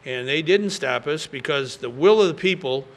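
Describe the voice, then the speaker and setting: A man's voice: fairly high pitch, lively intonation, moderate pace. A man in his sixties, a state governor, answering reporters' questions at a press conference in an emphatic, folksy way with frequent fillers.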